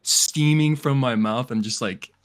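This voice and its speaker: A man describing his moves as a tabletop game player. He talks in halting, stop-start bursts, swearing and filling gaps with "just" and "like". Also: medium pitch. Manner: halting, swearing, filler-heavy.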